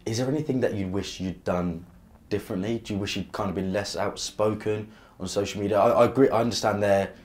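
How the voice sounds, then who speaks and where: A man hosting a podcast, asking quick follow-up questions in a casual interview. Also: lowish voice, fairly even intonation, a little mellow.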